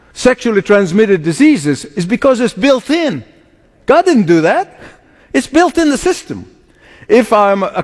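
A man preaching a sermon, stressing his points with dramatic slow passages and sudden outbursts, chuckling now and then between points. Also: high-pitched, long reverb tail. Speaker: pastor.

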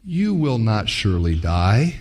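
A man reading a crafty serpent, plain and lively. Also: fairly low pitch, measured pace, voice pushed down. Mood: sly. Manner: reading scripture aloud. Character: crafty serpent tempting a woman. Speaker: pastor. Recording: long hall reverb.

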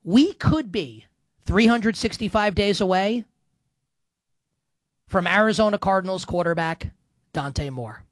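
A man giving solo football commentary in an animated, sarcastic way, now and then breaking into sung snippets. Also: sits high, a little slow, pauses often, no room sound. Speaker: football analyst.

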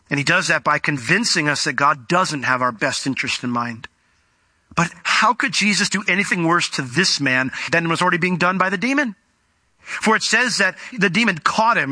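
Guy preaching a sermon, super bright voice, a bit high, dead dry sound. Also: no room sound. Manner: animated, acts out quoted voices, varies pace.

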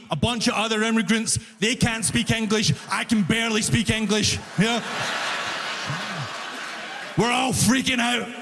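A man performing a stand-up comedy set, telling stories with animated delivery and shouted punchlines on a comedy club stage. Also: sits high. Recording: reverberant live room, faint ambience.

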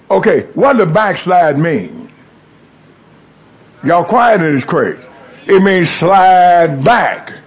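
A man's voice: high voice, creaky, breathy edge. A middle-aged man preaching a testimony sermon, calling out to the congregation. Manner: call-and-response preaching, rising and falling emphasis.

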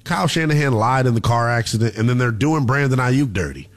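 A man hosting a sports radio call-in show, taking callers in a loose, joking way and breaking into laughter and shouts. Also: medium pitch, fairly quick. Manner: animated, laughs often, jumps into shouts.

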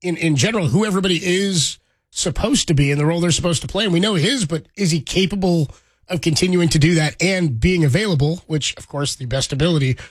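Husky-voiced male podcast host. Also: fairly high pitch, fast talker, no room sound. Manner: rambling, laughs often. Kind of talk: casual sports chat.

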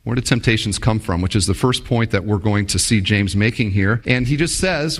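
A man's voice: fairly low pitch, normal speed, few pauses, husky, in a large hall. A man preaching a sermon as a pastor, talking animatedly and acting out the quoted voices.

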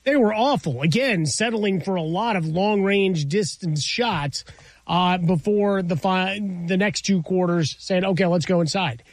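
High-voiced sports co-host, argumentative. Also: male voice, measured pace, no room sound. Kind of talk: sports analysis chat.

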